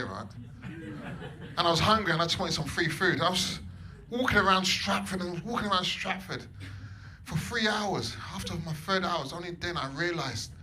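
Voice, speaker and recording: A man performing stand-up comedy in a comedy club, animated, swinging between loud bursts and low mutters. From England. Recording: live club set with audience noise. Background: audience laughter.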